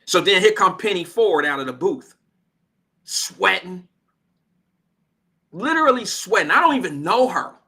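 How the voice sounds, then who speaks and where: An American man with a high, bright and forceful voice hosts a radio show from the studio. He tells a story in an animated, slangy, casual way. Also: unhurried, long pauses, breathy edge. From Cincinnati, Ohio, USA. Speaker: radio host.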